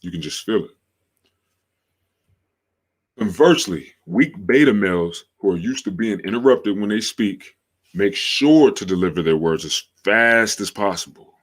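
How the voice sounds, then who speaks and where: Deep-voiced slangy male podcast host. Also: lively intonation. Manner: slangy, drawn-out, repeats phrases for emphasis. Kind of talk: casual livestream podcast talk.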